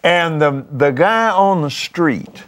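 A man with a slightly high voice speaks slowly as he hosts a TV show, chatting and preaching in testimony style. He's fervent and exclamatory, with sudden excited jumps.

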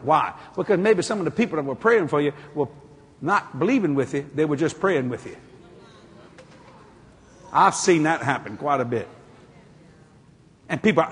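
A man's voice: a little high, moderate pace, long pauses, breathy edge. A man with a Cajun accent preaching a folksy sermon, acting out dialogue as he goes. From Louisiana. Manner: folksy, animated, acts out dialogue. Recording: long hall reverb, faint noise.

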